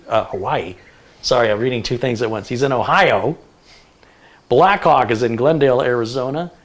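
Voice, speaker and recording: A middle-aged man hosting a tech livestream, reading out where viewers are from and tossing in jokey asides. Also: medium pitch. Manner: chatty, jokey asides while reading a list. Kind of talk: casual livestream chat, reading viewer locations.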